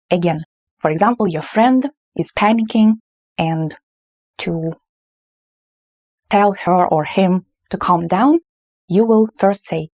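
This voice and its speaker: A woman's voice: on the low side, measured pace, darkish tone, no echo, studio quality. A woman with a Russian accent teaching a language lesson, patient, acting out Russian phrases with expression.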